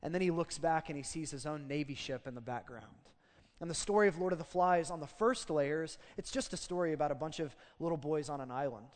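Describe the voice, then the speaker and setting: A man preaching a casual, animated sermon as pastor of a church. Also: fairly high pitch, brisk, long reverb tail. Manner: conversational, animated storytelling.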